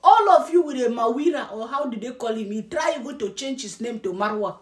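Scornful woman with a high voice. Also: expressive, fairly quick. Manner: scornful, scolding, repeats herself for emphasis. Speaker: vlogger. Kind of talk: mocking reaction commentary. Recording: roomy echo.

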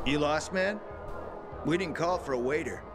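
An actor playing a smug, contemptuous boss who speaks in a sneering, mocking way. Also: male voice, fairly high pitch, normal speed, loud music behind the voice, natural voice. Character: smug, contemptuous man who runs a trade group.

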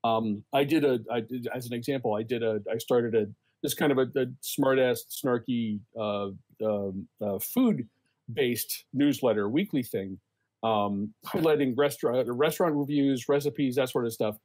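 A man on a casual podcast panel, a journalist, speaking haltingly with frequent repeated words and restarts. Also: mid-range voice, a little mellow, poor audio.

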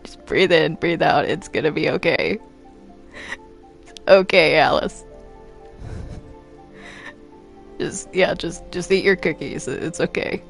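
A woman voicing a patient cartoon ink creature in a Minecraft role-play, coaxing and gently scolding. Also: low voice, unhurried, vocal fry, soft background music. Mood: soothing.

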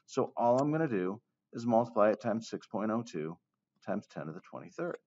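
A man teaches chemistry in a casual, joking lecture style, frequently checking in with the class by asking "okay?". His voice is fairly low, sing-song, a little fast and darkish in tone, on a dull lo-fi recording.

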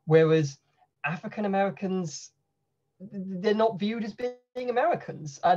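A man's voice: on the high side, a little mellow, slightly rough. A man on a book-launch panel, thinking aloud in an academic discussion, hesitant with frequent restarts, speaking on a video call. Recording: slightly dull video-call audio.

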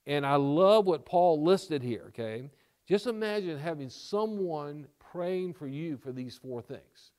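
A man's voice: on the high side, animated, measured pace, darkish tone. A male pastor preaching a sermon, repeating key lines for emphasis and checking in with the congregation with "okay?" and "all right?".

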